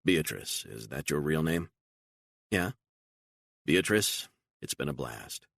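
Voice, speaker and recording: A man doing a terse, low-voiced operative. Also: creaky, dry recording, studio quality, exaggerated voice. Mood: calm. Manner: terse, calm, measured. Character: calm, guarded male operative, low-key.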